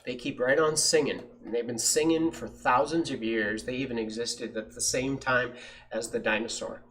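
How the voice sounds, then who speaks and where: A man's voice: mid-range voice, moderate pace. A man at a science center reading a picture book aloud to children and asking them questions. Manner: lively storyteller, asks kids questions.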